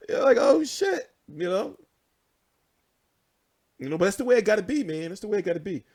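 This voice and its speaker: Animated, profane young man. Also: sits high, a little fast, long pauses. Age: 20s. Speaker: boxing show host. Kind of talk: casual livestream chat.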